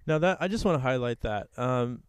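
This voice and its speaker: Male interviewer, smooth and resonant, measured with small restarts. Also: medium pitch, animated, no room sound. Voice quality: measured, asks with hesitant restarts. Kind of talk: conversational interview.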